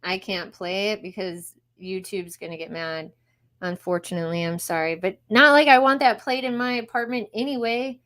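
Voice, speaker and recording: A woman's voice: medium pitch, normal speed, a bit bright. A young woman live streaming, chatting casually to her viewers as she reacts to videos.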